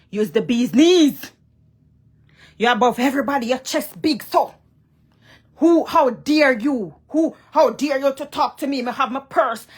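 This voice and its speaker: A Jamaican woman delivers a confrontational vlog rant, mixing Patois and English as she scolds. Her voice sits a little high. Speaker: vlogger. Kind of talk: heated monologue to a rival.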